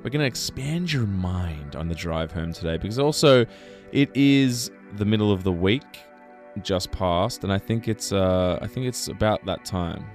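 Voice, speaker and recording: Male radio sidekick, very low voice, rambling self-mocking humor, faint music behind. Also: expressive, moderate pace, darkish tone. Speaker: radio drive-time co-host. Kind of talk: playful radio banter. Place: radio studio.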